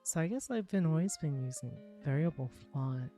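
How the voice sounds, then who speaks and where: A woman streaming live, chatting casually while she works, excitable and full of exclamations as she greets her chat. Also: sits low, normal speed, faint music behind. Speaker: live streamer and world creator.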